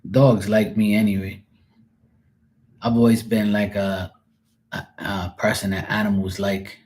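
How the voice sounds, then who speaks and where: A middle-aged man hosting a live stream rambles through casual stories, acting out the people in them with voiced quotes. His lowish voice is a little mellow, level in tone and measured in pace.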